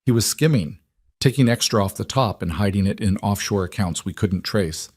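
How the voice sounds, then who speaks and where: Brief: flat, emotionless mafia boss, read by a man, low-pitched, dry close sound. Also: normal speed, no room sound, natural voice. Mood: cold. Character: cold, guarded male crime boss.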